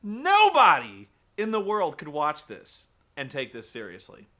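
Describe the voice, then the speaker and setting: A man gives a casual, comedic wrestling recap, laughing and swearing offhandedly. His voice is high and bright and swings widely in pitch. The delivery stays animated. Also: a little slow.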